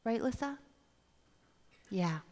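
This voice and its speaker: A woman business coach giving a motivational seminar talk, animated and addressing the audience directly. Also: on the high side, takes it slowly. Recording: reverberant hall.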